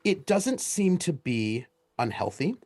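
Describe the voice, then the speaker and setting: Lively-pitched man running a tabletop game. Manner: relaxed, explanatory, with many pauses. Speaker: game master.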